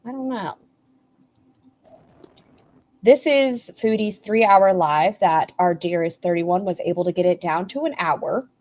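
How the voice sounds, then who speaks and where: A woman's voice: on the low side, animated, a little slow, pauses often, darkish tone. A woman hosting a casual commentary stream, making snarky, sarcastic remarks.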